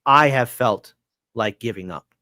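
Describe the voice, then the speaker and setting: A man, a guest on a talk show, telling an emotional personal story in an earnest, halting way with many restarts. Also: mid-range voice, sharp tone, dry recording, clean studio sound.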